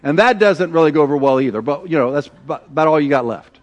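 A middle-aged man preaching a sermon, telling stories with animated, acted-out quotes. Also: a little high, fast talker, dull audio. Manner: animated storytelling, acting out quoted voices. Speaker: pastor.

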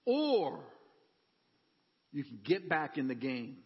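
Husky high-voiced male preacher. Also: a little fast, in a large hall, highs cut off. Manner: animated personal storytelling with humor. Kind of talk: sermon.

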